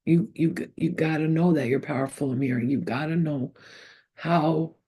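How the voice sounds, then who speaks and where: Woman medium, mellow tone, rambling and emotional on-camera reading. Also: sits low, normal speed, slightly rough. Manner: rambling, emotional, repeats names as they come through. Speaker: psychic medium. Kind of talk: channeled spirit reading to camera.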